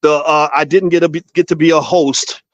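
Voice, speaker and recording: Middle-aged male host, animated storyteller, folksy restarts, slightly high voice, dry dull lo-fi sound. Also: normal speed, no echo. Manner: folksy, repeats himself and restarts often. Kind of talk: casual commentary monologue.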